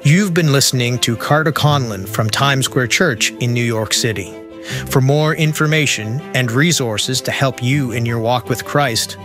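A man reads a scripted radio announcement in a measured, steady way. Music plays clearly under his voice. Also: medium pitch.

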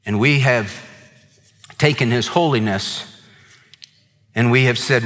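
A man's voice: mid-range voice, slow, pauses often, fairly bright tone, big-room sound. A male pastor preaching a sermon, stressing points through emphatic repetition.

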